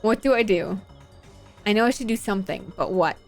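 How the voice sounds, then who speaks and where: A woman's voice: mid-range voice, lively intonation, a little fast, creaky, soft background music. A woman streamer narrating a visual novel playthrough and reacting with blunt, profane commentary.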